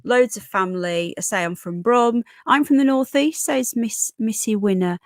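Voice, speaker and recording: Livestream host, woman, soft Brummie lilt with a Yorkshire edge, rambling chat, slightly high voice. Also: normal speed, no echo, studio quality. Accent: toned-down Birmingham with a bit of Yorkshire. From Birmingham, England. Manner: chatty, rambling, reads out viewer comments. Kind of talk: casual live-stream chat reading comments.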